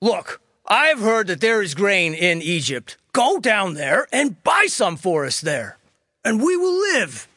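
Man putting on an anxious old father, high urgent voice, dry sound. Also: wildly swooping pitch, slow, bright, forceful tone, no room sound, exaggerated voice. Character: old worried father urging his sons.

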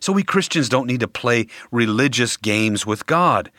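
Male preacher, sermon delivery, bright and forceful tone, slows down for emphasis, dry close sound. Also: medium pitch, animated, dry recording. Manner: deliberate, emphatic delivery with dramatic pauses.

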